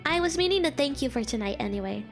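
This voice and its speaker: A woman's voice: high-pitched, animated, quick pace, music in the background. A woman voicing a friendly, polite female party host as she reads game dialogue aloud. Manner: polite, encouraging reading of game lines.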